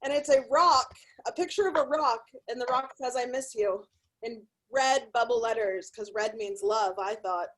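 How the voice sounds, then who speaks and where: A woman's voice: fairly high pitch, normal speed, rough recording. A young woman doing a brash, profane, self-deprecating stand-up set. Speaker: stand-up comedian.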